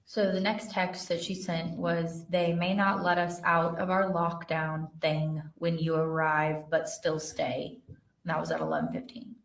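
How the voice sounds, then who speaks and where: A woman with a very low voice testifies as an investigator, reading text messages aloud in a plain, steady way and pausing on fillers. She is picked up from a distance in a roomy, echoing courtroom. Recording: roomy courtroom audio from far off.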